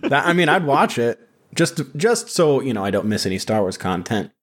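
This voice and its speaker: A man's voice: mid-range voice, very animated, moderate pace, a bit bright. A man co-hosting a comedy podcast, crude and sarcastic, often laughing between lines. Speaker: podcast co-host.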